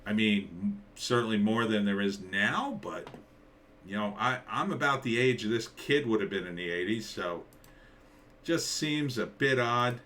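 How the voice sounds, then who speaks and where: A man's voice: a little slow, fairly bright tone, slight background noise. A man in his forties from New Jersey, rambling through a casual, sardonic trailer reaction. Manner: rambling, sardonic, jumps into mock-surprised high quotes. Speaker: commentator.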